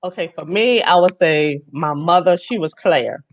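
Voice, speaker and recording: A woman's voice: low-pitched, moderate pace, dull audio, slight background noise. A woman guest in a casual chat, talking emphatically and repeating herself for effect.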